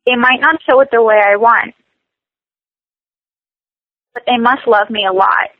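A woman coaching a tapping session, speaking slow, repetitive scripted phrases. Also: a little high, dry recording, narrow, tinny audio.

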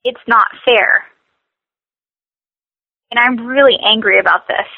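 A woman with a fairly high voice leads a guided tapping session, repeating short phrases slowly. The sound is dull and lo-fi, as over a call, and dry with no room echo. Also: gravelly. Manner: slow, repetitive scripted phrases. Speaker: tapping coach.

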